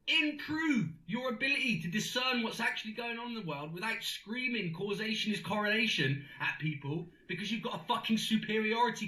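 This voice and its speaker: A shrill, strained crank hurls sweary abuse in a relentless tirade, as a man puts him on. The voice sits very high and sharp, and the sound rings around an echoey room. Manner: abusive, sweary, shouting tirade. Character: furious male conspiracy theorist ranting in voice messages.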